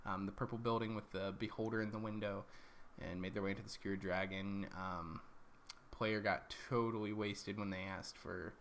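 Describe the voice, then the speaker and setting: A man's voice: fairly low pitch, little pitch movement, moderate pace, a bit bright, slight background noise. A man recapping his tabletop campaign as dungeon master, rambling along with lots of ums and corrections.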